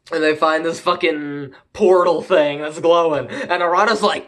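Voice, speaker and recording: A man's voice: on the high side, normal speed, hardly any pauses, fairly bright tone. Rambling, profane man recapping an anime. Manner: rambling, profane, laughs often. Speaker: anime reviewer.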